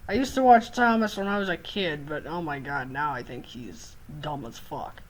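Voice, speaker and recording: A woman's voice: sits low, normal speed, slight background noise, poor audio. A woman hosting a reaction video, chatting casually and laughing often.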